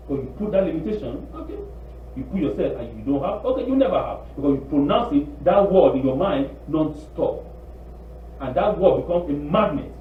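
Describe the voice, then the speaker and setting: A man preaching a sermon in an animated, pleading way, acting out quotes. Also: on the high side, moderate pace, recorded from a distance, a little hiss or hum. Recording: tinny echoey room recording from afar.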